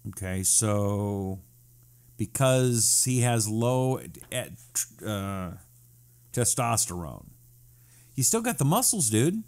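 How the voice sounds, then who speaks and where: A man's voice: on the low side, sing-song, extremely slow, darkish tone. A man hosting a casual live-stream talk show, sarcastic and wisecracking, reading out viewer comments.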